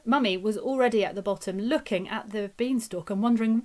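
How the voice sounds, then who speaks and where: A woman telling a children's story in an expressive, dramatic way. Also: on the high side, a little fast, hardly any pauses, slight background noise. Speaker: nursery teacher storyteller.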